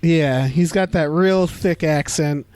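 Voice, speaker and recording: A man's voice: on the high side, slow, a little mellow. A man co-hosting a casual film podcast, talking in a wry, joking way and swearing freely. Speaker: podcast co-host.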